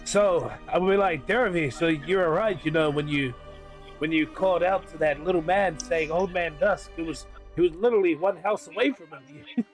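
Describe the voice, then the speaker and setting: A man's voice: on the high side, moderate pace, faint music behind. A man playing a tabletop game, joking and laughing often in casual chat. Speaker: player.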